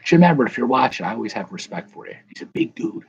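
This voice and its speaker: A man's voice: mid-range voice, sing-song, fast talker, creaky, lo-fi sound, a little hiss or hum. A man hosting a casual live chat, rambling and correcting himself as he answers viewers. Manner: rambling, self-correcting, chuckling. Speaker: livestream host.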